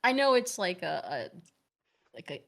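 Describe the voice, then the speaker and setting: A woman's voice: lowish voice, very animated, a little slow, creaky. A woman appearing as a guest on an online talk show, chatting in a bubbly, rambling way and laughing often. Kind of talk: casual chat.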